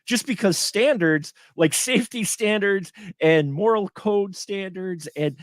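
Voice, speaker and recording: Animated man, slightly high voice. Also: unhurried, no room sound, clean studio sound. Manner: animated, acts out his own reactions in quotes. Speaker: guest film reviewer. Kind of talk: casual live stream chat.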